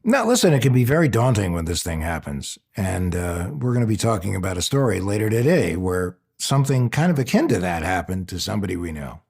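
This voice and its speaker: A man hosting a podcast, joking and chatting with a guest in a lively way. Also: sits low, vocal fry, breathy edge. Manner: lively and jokey, quick asides. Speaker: podcast host. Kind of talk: casual podcast chat.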